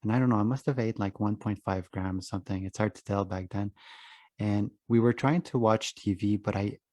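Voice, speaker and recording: Young guy hosting a podcast, low voice, dry close sound, swears a lot telling stories. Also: a little fast, mellow, dry recording. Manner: candid, swears freely, acts out his inner voice. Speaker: podcast host. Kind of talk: casual conversation, storytelling.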